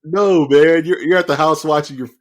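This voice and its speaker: A man with a slightly high voice and fairly even intonation speaks at normal speed while co-hosting a podcast. In casual, teasing, slangy banter, he calls his friend "dude" and "dog."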